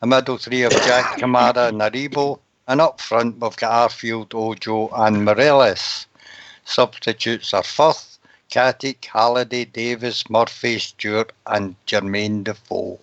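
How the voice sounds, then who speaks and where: A man's voice: mid-range voice, fairly even intonation, unhurried, a bit bright, dry recording. A man on a fan radio show, reading out a team lineup in a matter-of-fact way. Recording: dry, dull lo-fi radio sound.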